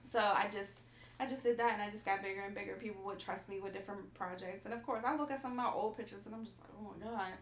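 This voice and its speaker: A woman who runs a cake business, telling stories in a relaxed podcast chat and filling her talk with "like" and "you know". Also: mid-range voice, fast talker, roomy sound, a little hiss or hum. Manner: animated storyteller, lots of "like". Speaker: guest baker.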